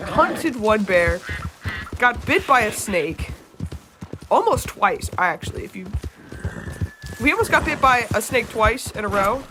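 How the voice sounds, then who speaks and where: Over a noisy background of game sounds and hoofbeats, a young American woman streaming a game rambles through a story, using lots of fillers and swearing casually. Her voice is medium-pitched.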